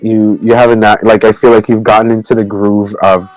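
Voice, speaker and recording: A man co-hosting a casual video call chat, teaching Tagalog words in a halting, rambling way with many fillers and frequent laughs. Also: lowish voice, level tone, dry recording, rough recording. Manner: laughs often between words.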